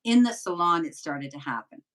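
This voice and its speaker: A woman's voice: on the low side, expressive, brisk, recorded from a distance, low-quality recording. An older woman, a psychic medium guest, telling rambling, chatty anecdotes in a casual interview.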